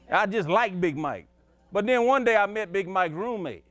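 A man's voice: sits high, expressive, normal speed, a bit bright. A male preacher telling a folksy story in a sermon, chuckling and emphatic as he goes.

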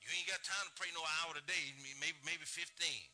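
Middle-aged male pastor, folksy preaching cadence, bright, slightly high voice. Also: steady tone, fairly quick. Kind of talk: sermon.

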